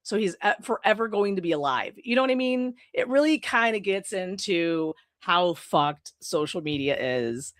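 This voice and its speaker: A young woman hosting a horror podcast, retelling a film plot in a profane, gossipy, casual way with quick asides. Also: mid-range voice, expressive, dry recording, clean studio sound. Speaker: podcast host. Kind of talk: casual film review chat.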